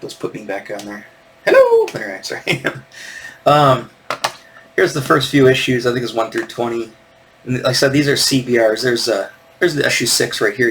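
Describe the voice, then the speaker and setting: A man's voice: mid-range voice, a bit bright, slight background noise, low-quality recording. A middle-aged man and comic artist, talking casually and rambling with lots of fillers and restarts as he shows pages on screen. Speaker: comic artist and video host. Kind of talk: casual solo talk, screen-share commentary.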